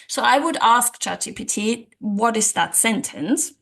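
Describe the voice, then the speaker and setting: A woman's voice: a little high, expressive, measured pace, vocal fry, fairly bright tone. A woman hosting a casual language-learning tutorial, chatty and thinking aloud, with a light laugh. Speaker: language-learning video host. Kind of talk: casual tutorial talk to camera.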